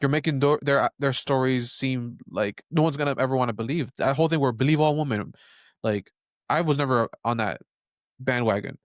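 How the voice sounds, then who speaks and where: Male host, casual and opinionated, dry close sound, mid pitch. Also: no room sound. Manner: casual, opinionated, pauses to comment on clips. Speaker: commentary host. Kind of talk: reaction commentary.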